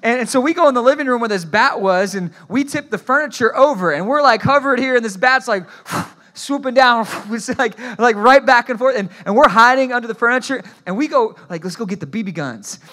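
Male pastor, sermon delivery, high bright voice, animated storyteller with frequent restarts. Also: fairly quick, hardly any pauses. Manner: asks the congregation to repeat phrases.

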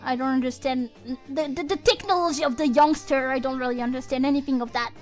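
Super high squeaky woman streamer, bubbly and playful, bit of music behind. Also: fast. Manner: playful, excitable, slips into mock outrage. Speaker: VTuber streamer. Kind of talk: casual livestream chat.

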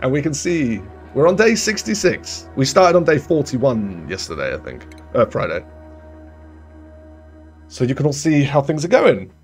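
Soft music plays behind a young man's sing-song, moderate-paced voice as he streams a colony-building game. His casual let's-play commentary is chatty and rambling, with frequent self-corrections and a habit of trailing off low.

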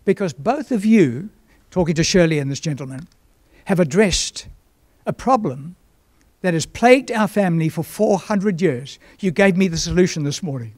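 Older male pastor, slightly high voice, storytelling sermon, frequent throat clearing. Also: expressive, normal speed, darkish tone, no echo. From South Africa.

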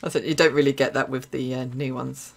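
A young woman with an Essex accent streams herself playing a game, keeping up a loose, chatty running commentary. She reacts quickly with sudden exclamations and laughs in between her remarks. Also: rumbling low, steady tone, creaky. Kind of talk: live gameplay commentary.

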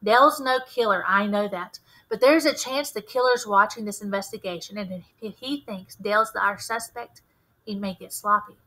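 A woman reading a calm, persuasive male detective. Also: medium pitch, normal speed, poor audio. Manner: firm, reasoning, reassuring. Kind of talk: read-aloud character voice.

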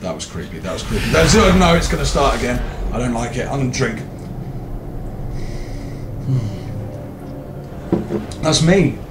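A man's voice: medium pitch, sing-song, moderate pace, long pauses, music in the background. A man narrating his game in a swearing, self-mocking and jumpy way. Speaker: gaming video host. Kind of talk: let's-play commentary. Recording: roomy, distant mic, loud game noise.

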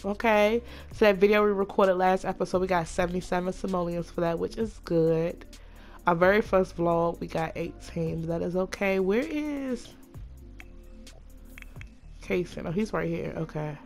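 A woman chatting casually through a life-sim game, gushing over her characters and voicing them in quick asides. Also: on the low side, soft background music. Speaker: Sims let's play narrator. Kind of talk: casual gameplay commentary.

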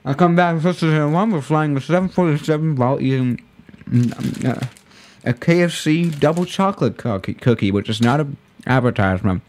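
A man's voice: fairly high pitch, a little fast, darkish tone. A man chatting casually on a live stream while playing a flight simulator, rambling and correcting himself as he goes. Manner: rambling, self-correcting, laid-back.

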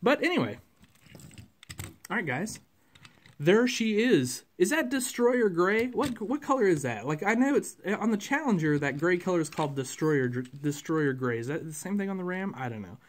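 Guy rambling about a toy truck, kinda high voice, lots of ums and little laughs. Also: very animated, moderate pace. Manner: rambling, chatty, with frequent fillers and chuckles. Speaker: toy collector reviewing a model truck. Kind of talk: casual unscripted review.

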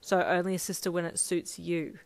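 A woman reading a giggly, sharp-tongued teenage girl. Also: on the low side, flat delivery, normal speed, gravelly. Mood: cold, sarcastic. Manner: giggly, sarcastic when hurt. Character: teenage girl listener-heroine, warm but sharp-tongued.

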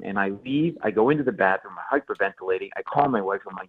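Guy comedian telling a story all animated on a radio interview, phone-line sound. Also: fairly low pitch, quick pace, breathy edge. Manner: animated, acts out quotes and stammers. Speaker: guest comedian. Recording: tinny phone-line audio.

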